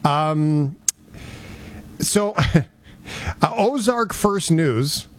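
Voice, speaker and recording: A man co-hosting a casual chat show, telling stories with animated voices. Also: a little high, extremely slow, a little hiss or hum. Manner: animated storytelling, does voices of friends. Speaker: podcast co-host.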